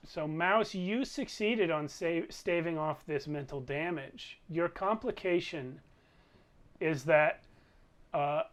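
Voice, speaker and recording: A man with a slightly raised pitch runs a tabletop game at a slow, deliberate pace. He talks through rolls and rules as he goes, pausing to think. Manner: unhurried, thinks aloud over rules. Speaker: game master.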